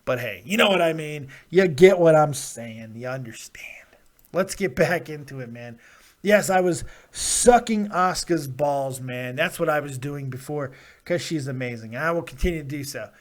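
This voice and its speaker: A man hosting a live wrestling review stream, talking in an excitable, rambling way and laughing often. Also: a little high, moderate pace. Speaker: host of a wrestling review show.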